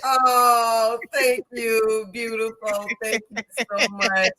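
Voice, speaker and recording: Speaking slowly in a somewhat high voice, an actress guesting on a podcast tells casual stories. She animates them by acting out quotes, with plenty of laughter.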